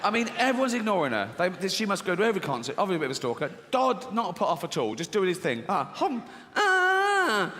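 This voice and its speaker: A man's voice: sits high, very animated, very fast, hardly any pauses, fairly bright tone, a little hiss or hum. A middle-aged Englishman doing stand-up comedy, brash and swearing, acting out little exchanges on stage. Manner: brash, swearing, acts out voices. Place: large theatre stage before an audience. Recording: live theatre with long reverb, faint crowd.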